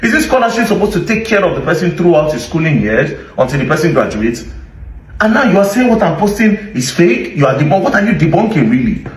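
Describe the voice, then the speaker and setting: A combative Nigerian man rants in sarcastic commentary, his fairly high voice swinging widely up and down. He sounds set back from the mic in an echoey room. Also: big pitch swings, fast, distant mic. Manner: sarcastic, combative, full of rhetorical questions. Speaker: social media commentator. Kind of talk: ranting commentary to camera.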